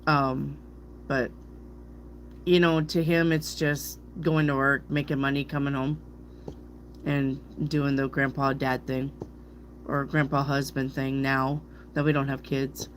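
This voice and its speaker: A middle-aged woman chats with her viewers in an easy, unhurried way. She rambles, stumbles over tricky words and laughs them off. A faint hum sits under her voice. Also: rumbling low, flat delivery. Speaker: tarot reader. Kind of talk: casual rambling chat to viewers.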